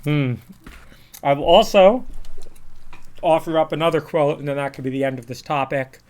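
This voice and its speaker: A man's voice: a little high, moderate pace, a little mellow. A man, ranting bluntly and profanely during a livestream, often rambling and repeating words. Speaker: streamer.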